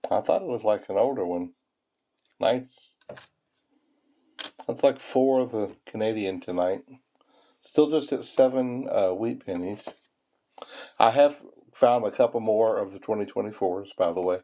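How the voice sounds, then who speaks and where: This man's voice is on the low side and mellow, delivered at a measured pace with long pauses. Hosting a coin-roll hunting channel, he sorts pennies and chats folksily with viewers, whom he calls folks, chuckling often as he searches.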